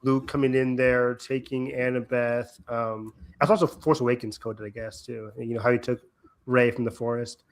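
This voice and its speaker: A young man with a deep voice co-hosting a podcast, chatting casually in an excitable, joking, rambling way. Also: normal speed. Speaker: podcast co-host. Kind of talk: casual chat.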